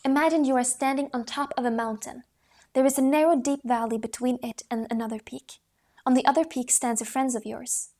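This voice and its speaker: A woman reads aloud from a voice training book, sitting a little high in her range. Her reading stays steady and instructional. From time to time she demonstrates the exercises herself with rising, sung tones. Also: a little fast. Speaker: voice book reader.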